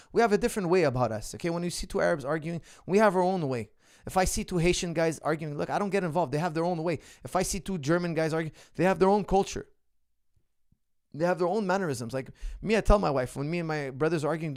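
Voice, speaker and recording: A middle-aged man with a rough, gravelly voice hosts a live question-and-answer stream as a martial arts coach. He tells stories and jokes, pressing his points with emphasis. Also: on the high side, expressive, fast, a little mellow. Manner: emphatic, joking storyteller. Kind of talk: livestream Q&A chat.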